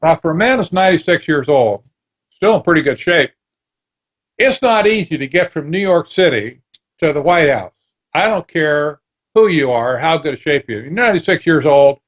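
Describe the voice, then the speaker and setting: This guest author, interviewed on the radio, recounts stories with animation and voices parts of the dialogue himself. His voice is fairly high at a moderate pace, with highs cut off.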